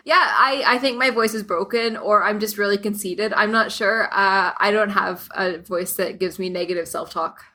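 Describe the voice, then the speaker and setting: A woman chatting as a podcast guest, wry and quick to laugh. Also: medium pitch, bright, forceful tone. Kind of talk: casual podcast chat.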